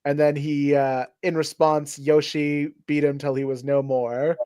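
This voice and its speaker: A man hosting a casual comic book review chat. He rambles with many fillers in a somewhat high voice. The room is dry. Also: little pitch movement, measured pace, hardly any pauses, a little mellow, clean tone, no room sound. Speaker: host.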